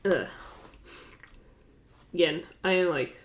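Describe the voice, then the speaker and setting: A woman's voice: lowish voice, animated, measured pace. A congested woman streaming, reading out game events with amused, offhand asides and frequent laughter.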